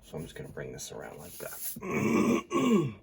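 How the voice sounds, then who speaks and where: A congested man with a stuffy nose casually commenting as an artist while he draws, thinking aloud and often trailing into quiet mumbles. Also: low voice, wildly swooping pitch, measured pace, creaky, a little hiss or hum.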